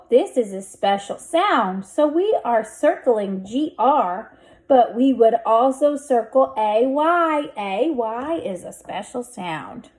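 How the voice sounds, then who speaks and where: A woman leads a phonics lesson, breaking each word into its sounds and then blending them together. Her pace is extremely slow and deliberate, and her voice sits somewhat high. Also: a little mellow. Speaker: reading teacher.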